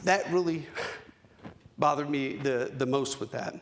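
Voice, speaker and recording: A man in his forties giving a keynote speech, telling a personal story with dramatic pauses and emphasis. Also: mid-range voice, a little hiss or hum. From United States. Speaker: keynote speaker. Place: conference hall stage.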